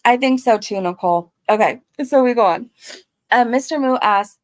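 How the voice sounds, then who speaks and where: A woman's voice: a little high, moderate pace, dry recording. A woman giving a blunt, casual commentary recap who swears freely. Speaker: YouTube commentator.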